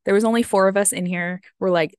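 A woman's voice: mid-range voice, steady tone, fast, darkish tone, clear, resonant tone, dry recording. An American woman in her thirties, a vlogger chatting casually and rambling with lots of "like" and "um", a bit sniffly. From United States. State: sniffly from having teared up. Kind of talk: casual chat.

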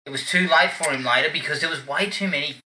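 A man chatting casually about a film, animated and quick to joke. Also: fairly high pitch, a loud crowd. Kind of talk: casual film review chat. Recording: roomy with loud noise.

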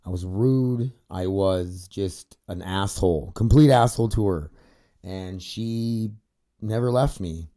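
A man's voice: low-pitched, takes it slowly, mellow. A young man talking candidly in a confessional vlog, rambling, swearing, with many fillers, tearful at times. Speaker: podcaster. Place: indoor studio set facing a camera.

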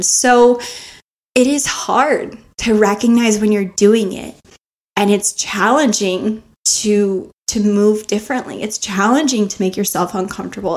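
A woman hosting a self-help podcast, talking earnestly and coaching her listeners with rhetorical questions, close to the mic. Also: mid-range voice. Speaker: podcast host. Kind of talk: motivational self-help talk.

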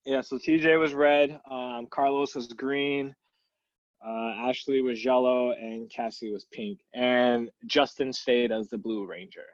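A man's voice: mid-range voice, steady tone, measured pace, dry recording. A man co-hosting a casual chat, easygoing, with apologetic asides. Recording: dull lo-fi mic.

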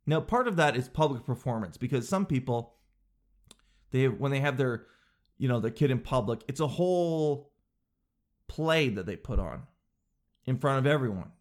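A man talking through a comedy monologue in a sarcastic, conversational way. His voice sits at a middling pitch, and he jumps now and then into high, silly mocking voices. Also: animated, moderate pace, pauses often.

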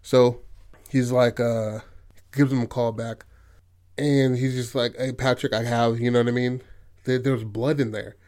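A man's voice: mid-range voice, level tone, a little slow, long pauses, dark tone. Loose, profane man retelling a film. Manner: loose and profane, full of "like" and "you know what I mean". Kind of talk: casual retelling of a film plot.

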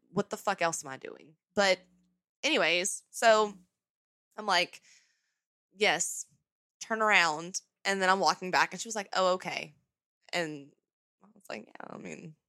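A young adult woman hosting a podcast, telling a story in a casual, sarcastic, animated way. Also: fairly low pitch, no room sound. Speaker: podcast host.

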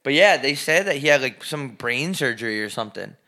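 Young man, podcast co-host, casual chat, animated, bright voice, swears a lot. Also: a little fast. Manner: animated, jokey, swearing, squeaky put-on voices.

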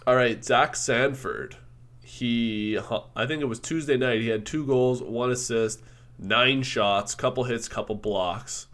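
A man's voice: medium pitch, measured pace, a bit bright. A man co-hosting a casual sports podcast, joking and teasing his partner and laughing often. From Canada. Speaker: podcast co-host.

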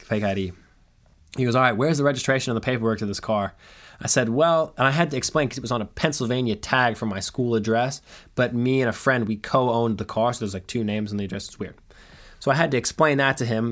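A young man casually telling a long story, acting out quoted dialogue along the way. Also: medium pitch. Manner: animated anecdote with quoted dialogue.

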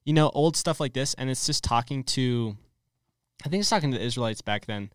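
Earnest young man explaining, smooth voice. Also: medium pitch, fairly quick, no room sound, clean studio sound. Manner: earnest, explanatory, leads the discussion. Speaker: host. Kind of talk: casual religious discussion.

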